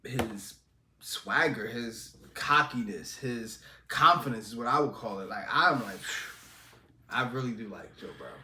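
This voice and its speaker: A man's voice: medium pitch, expressive, a little slow, pushed and bright, echoey room, a little hiss or hum. A man co-hosting a podcast, chatting casually about football, rambling, emphatic and laughing often. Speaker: podcast co-host. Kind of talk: casual sports chat.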